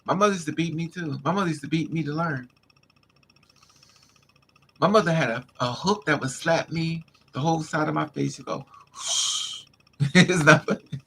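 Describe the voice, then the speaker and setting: Man, livestream storytelling, gravelly, bright higher voice, emphatic and casual, faint noise behind. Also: normal speed, pauses often. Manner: emphatic, street-casual, addresses listeners as honey and child. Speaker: livestream host. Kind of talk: candid personal storytelling.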